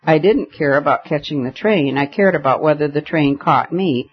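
A man reading aloud and voicing a frantic nobleman who rants in loud, exasperated outbursts. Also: a little high, moderate pace, breathy edge. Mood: grim. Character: frantic unmasked nobleman, secretly a police inspector. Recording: dull lo-fi audiobook recording.

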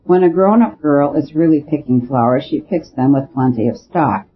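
A man's voice: fairly high pitch, moderate pace, husky. A man voicing a small, thoughtful priest detective who talks in a careful, hesitant way. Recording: dull lo-fi recording with faint hiss.

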